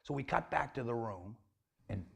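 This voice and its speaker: A man's voice: mid-range voice, expressive, moderate pace, vocal fry, a bit bright, husky. A man retelling a film plot in a casual, plain way, with frequent "he says" and "she says" tags. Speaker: storyteller pitching a film plot. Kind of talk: casual spoken film pitch.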